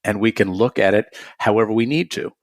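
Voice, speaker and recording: An earnest, reflective man with a slightly low voice, a meditation teacher talking as a guest on a podcast. He laughs easily between thoughts. The sound is dry and close, with no room around it. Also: a little fast, no echo. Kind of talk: conversational podcast interview.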